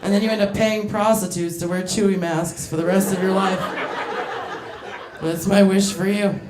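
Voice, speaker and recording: A woman works a comedy club crowd with brash, crude, self-mocking jokes, often breaking into laughter as she teases people in the seats. Her voice is going a little hoarse, and the stage mic picks up a roomy, echoing club sound around her. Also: mid-range voice, steady tone, moderate pace, noisy background. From United States. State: voice getting hoarse. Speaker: stand-up comedian. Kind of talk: stand-up set with crowd work. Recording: echoey club room.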